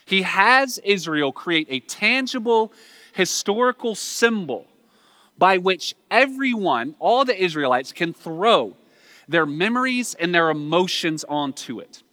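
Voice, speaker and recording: A man's voice: sits high, very animated, measured pace, bright, forceful tone, dry recording, clean studio sound. A man with a Southern US accent preaching a sermon in a conversational way, asking the listeners rhetorical questions.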